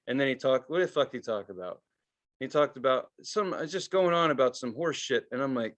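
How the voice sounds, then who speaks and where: A man's voice: mid-range voice, animated, brisk, fairly bright tone. Exasperated, foul-mouthed man ranting. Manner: profane, exasperated storytelling. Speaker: podcast co-host. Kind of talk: casual ranting chat.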